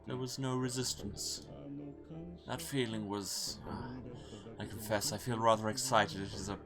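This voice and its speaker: A man voicing a calm, gloating older male villain, speaking softly and slowly with menace. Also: lowish voice, music in the background, lightly acted. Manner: soft, slow, menacing.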